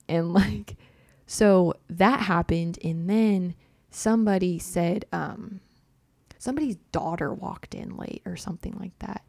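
A woman's voice: on the low side, slow pace, gravelly, darkish tone, dry recording, studio quality. A young woman telling a personal story in casual chat, full of "like" and little laughs. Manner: chatty, heavy use of "like", laughs often.

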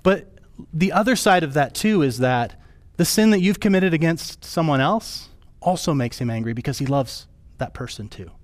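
A man preaching a sermon as pastor, his voice rising high and falling low for emphasis. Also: animated, moderate pace, no room sound.

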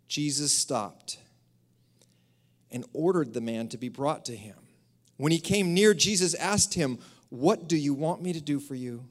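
A man preaches a sermon from the pulpit, his voice sitting a little high. He speaks with lively energy, then drops to near-whispers to drive key phrases home. He comes across as a church pastor addressing his congregation on a stage microphone. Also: a little slow. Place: church sanctuary.

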